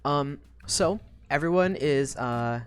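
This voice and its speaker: A woman's voice: low voice, slow pace, clean tone. A woman streamer chatting casually through a book recap, swearing freely and rambling with fillers.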